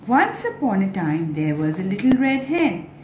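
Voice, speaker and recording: A woman telling a story to young children in an animated, sing-song way, with gasps and exclamations. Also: medium pitch, normal speed. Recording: echoey room, faint background noise.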